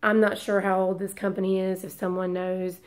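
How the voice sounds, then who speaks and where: Congested woman vlogger, rambling and apologetic, mid pitch. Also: flat delivery, moderate pace, darkish tone. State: congested from a long illness. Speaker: beauty vlogger. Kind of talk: casual chat to camera.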